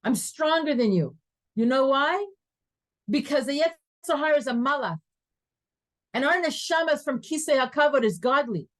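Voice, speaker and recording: Animated woman teaching a class. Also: high voice, normal speed, pauses often. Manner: animated storyteller, laughs often, sprinkles Hebrew terms. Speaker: Torah teacher. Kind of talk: lively class lecture. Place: classroom with students.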